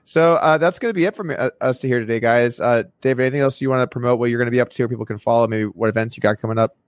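A man's voice: mid-range voice, racing, no echo. A man hosting a casual chat, telling stories and stumbling over his words now and then. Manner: storytelling, stumbles and repeats words. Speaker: podcast host.

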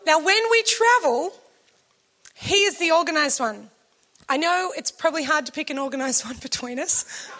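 Animated high bright woman preaching. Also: normal speed. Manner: animated, acts out quotes, laughs often. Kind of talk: sermon storytelling.

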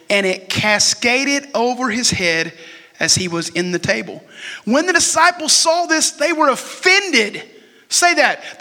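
Pastor, 40s, man, bright and forceful tone, casual sermon that quizzes the congregation. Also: very high voice. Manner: conversational, asks the crowd questions and jokes. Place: church sanctuary. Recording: long hall reverb.

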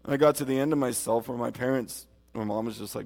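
A man's voice: medium pitch, racing, gravelly, a little mellow. A man preaching a sermon and giving his testimony, earnest and emphatic, speaking straight to his listeners. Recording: long hall reverb.

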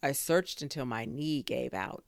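A woman's voice: rumbling low, unhurried, vocal fry, no room sound, clean studio sound, exaggerated voice. A woman voicing a worried older man who has lost his drone, in a storybook reading. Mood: weary.

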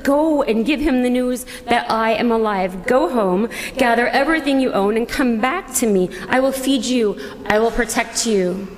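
A woman pastor voicing a powerful man who gently reassures his brothers, within a sermon. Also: on the high side, close to an everyday voice. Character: forgiving grown man, powerful ruler. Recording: long church reverb.

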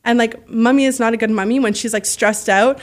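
A woman telling stories as a podcast guest, animated and freely swearing, acting out the voices of people she quotes. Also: a little high, brisk. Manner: heavy use of "like" fillers. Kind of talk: casual storytelling.

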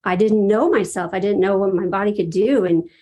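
Woman, husky, casual storytelling, emotional, laughs often. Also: medium pitch, fairly quick, warm tone. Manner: emotional, laughs often, acts out her own reactions. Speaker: event participant sharing her story.

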